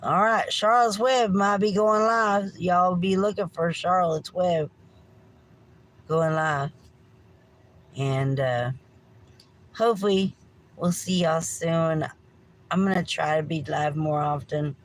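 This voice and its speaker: A woman's voice: fairly low pitch, slow, long pauses, poor audio. A middle-aged woman, hosting a livestream with a meandering rant, swearing freely and apologizing often. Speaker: livestream host.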